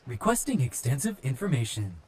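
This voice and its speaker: A man voicing a calm, monotone male police android that speaks in flat, clipped statements. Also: mid-range voice, a little fast, voice pushed up, lightly acted. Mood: commanding.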